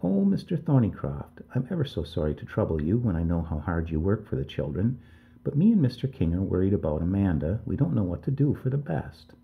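Heavily acted, a low, gravelly male voice with large pitch swings and a slightly fast pace plays a middle-aged village mother pleading in worry and tears. She keeps deferentially saying sir, and the sound is thin and phone-like.

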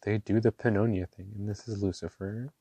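A man's voice: fairly low pitch, brisk, slightly rough, no echo. Gushing man with a dry close voice. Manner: gushing and excitable, with bursts of laughter. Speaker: ink reviewer. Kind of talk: casual show-and-tell vlog. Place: small home room.

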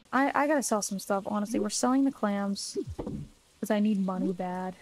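A young woman streams a game with loose, casual commentary. She sounds exasperated and jokey as she grumbles and argues back at what's on screen. Her voice sits at an ordinary middle pitch. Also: darkish tone. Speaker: gaming streamer. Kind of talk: casual let's-play commentary.

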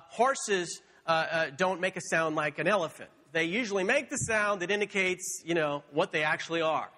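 A man preaching a sermon as pastor, playful and animated, acting out animal sounds in a storytelling way. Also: high voice, in a large hall. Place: church sanctuary.

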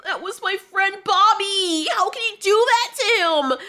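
A woman voicing a grieving male orc grunt, whining in half-laughing, shouted outrage. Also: very high voice, a little slow, pitched above the performer's own voice, full character voice. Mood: distraught.

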